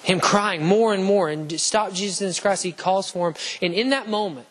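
A man preaching a sermon with passion, using repeated rhetorical lines and rising toward shouts on key phrases. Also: high voice, normal speed, rough recording. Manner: repetitive rhetorical lists and questions.

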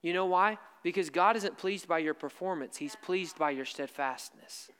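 A man preaching a sermon, emphatic, repeating key lines slowly for stress. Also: high-pitched, fairly bright tone, clear, resonant tone, in a large hall.

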